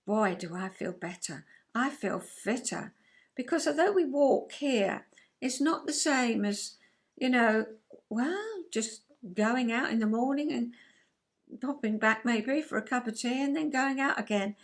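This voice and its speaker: A woman's voice: a little high, gravelly. An older woman from England chatting to camera in a rambling, enthusiastic way, laughing now and then. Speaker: vlogger. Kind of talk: casual chat to camera.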